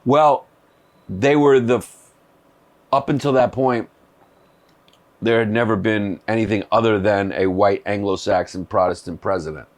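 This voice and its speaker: A man's voice: fairly low pitch, unhurried, long pauses. A male comedian in casual chat, telling stories in a laid-back, rambling way. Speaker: comedian guest. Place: small shed.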